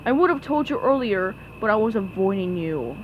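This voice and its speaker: A woman's voice: medium pitch, very animated, normal speed, muffled recording, a little hiss or hum, close to an everyday voice. A woman voicing a cranky, vain male squid neighbor who grumbles.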